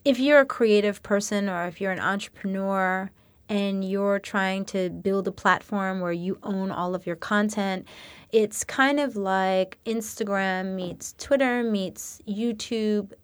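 Woman podcast guest, mid pitch, upbeat and promotional, dry booth sound. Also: smooth, no room sound. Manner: upbeat, promotional, lists with pauses. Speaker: podcast guest, retreat leader. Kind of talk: casual interview chat.

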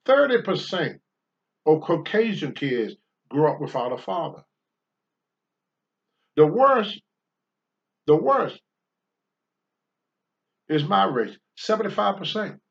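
An older man on a talk show, blunt and preachy, swinging from low mutters to loud outbursts. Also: sing-song, slow, vocal fry, pauses often, dull audio. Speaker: podcast host, former wrestler. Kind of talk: candid talk-show commentary.

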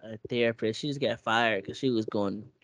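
A man's voice: on the low side, normal speed, no echo. A man co-hosting a podcast in casual chat, telling stories in a slangy, rambling way and laughing often. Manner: laughing, lively storyteller. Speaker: podcast co-host.

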